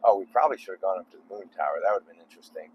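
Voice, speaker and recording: A man's voice: sits low, expressive, racing, lo-fi sound, slight background noise. Man rambling jokily while driving. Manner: rambling, joking asides. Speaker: vlogger. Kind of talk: casual chat while driving. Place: car on a freeway at night.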